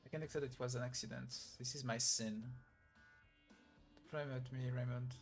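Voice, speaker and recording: A man reading the lines of a grieving, guilt-ridden young woman from a game story in a flat read-through. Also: mid-range voice, moderate pace, faint music behind, lightly acted.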